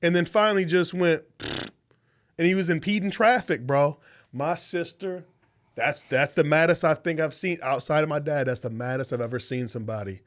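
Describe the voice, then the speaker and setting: A man's voice: on the high side, normal speed. A young adult man, a podcast co-host, telling a story in casual chat, swearing freely and acting out the voices of people he quotes.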